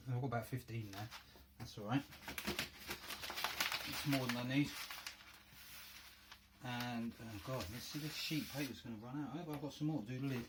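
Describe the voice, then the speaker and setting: A man's voice: mid-range voice, very noisy. Chatty North London man crafting. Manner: chatty, thinking aloud while working. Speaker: crafting video host. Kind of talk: casual hands-on tutorial. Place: home workroom.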